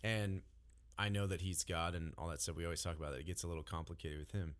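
A man with a notably deep, low voice talks casually on a podcast. He thinks aloud and often backs up to restart a phrase before pressing on. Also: flat delivery, clean tone. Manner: thoughtful, halting, restarts phrases.

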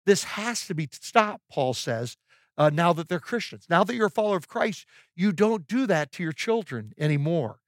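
A man's voice: high-pitched, sing-song, normal speed, no echo, clean studio sound. A middle-aged man preaching a sermon, conversational and humorous, with frequent repeated words and fillers. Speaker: pastor.

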